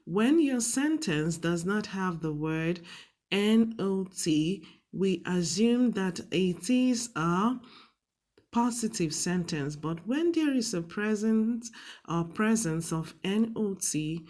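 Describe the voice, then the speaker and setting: A woman's voice: mid-range voice, animated, a little mellow. A woman teaching a grammar lesson for a TV series, explaining patiently and checking in with "okay?" after each point. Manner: slow, patient, repeats "okay?" and "all right?". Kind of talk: classroom lesson on TV.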